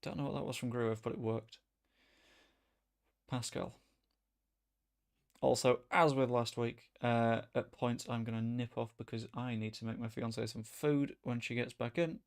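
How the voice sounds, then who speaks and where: A man chatting casually as he streams a football management game, rambling and breaking into sudden excited outbursts. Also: mid-range voice, clean tone. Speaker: gaming streamer. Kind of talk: casual gameplay commentary.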